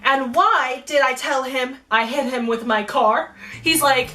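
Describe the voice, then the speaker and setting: Bright high-voiced young woman telling a story. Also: measured pace, distant mic. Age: young adult. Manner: animated, slangy storytelling. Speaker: vlogger. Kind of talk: storytime vlog. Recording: voice a bit off-mic with faint music.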